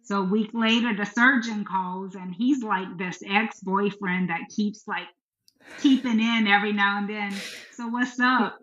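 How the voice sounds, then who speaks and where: A woman's voice: medium pitch, fairly even intonation, a little slow, a bit bright. A middle-aged woman, a podcast guest, telling a personal story earnestly and frankly about her faith. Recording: echoey room, dull sound.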